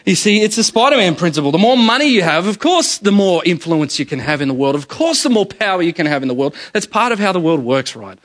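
A middle-aged man delivering a sermon, his voice pitched a little high for a man. He preaches in a lively storytelling way, stumbling into repeated words as he speaks straight to the congregation. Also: fast talker, hardly any pauses. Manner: animated storyteller, repeats words, addresses listeners as guys. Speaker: pastor.

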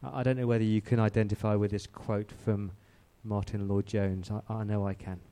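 A man's voice: fairly low pitch, little pitch movement, fairly quick, dark tone. A man preaching a sermon in a church, who speaks conversationally and often repeats and restarts his words. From outside Australia.

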